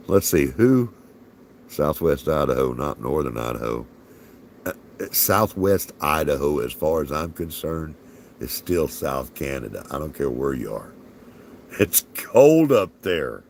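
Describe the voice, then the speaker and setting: A man's voice: rumbling low, creaky, a little hiss or hum. A man with a Southern US accent rambling in folksy, chuckling casual chat as a livestream host. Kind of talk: casual live-stream chat.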